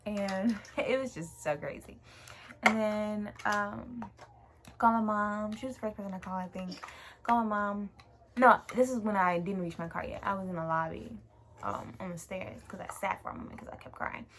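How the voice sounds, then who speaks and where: A woman's voice: mid-range voice, normal speed, a bit bright. A young woman vlogger telling a story in a casual, emotional way, with lots of fillers and casual swearing. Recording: clear background noise.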